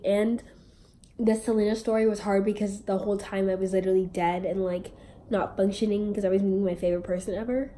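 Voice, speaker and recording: A woman's voice: mid-range voice, mellow. A young woman vlogger telling a casual, rambling storytime, bubbly and self-mocking.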